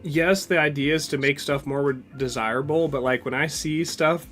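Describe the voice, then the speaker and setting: A man's voice: fairly high pitch, steady tone, normal speed, fairly bright tone, soft background music. A man chatting on a live stream in an easygoing, rambling way, filling his sentences with "like". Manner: easygoing, rambling, lots of likes. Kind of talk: casual chat on a live stream.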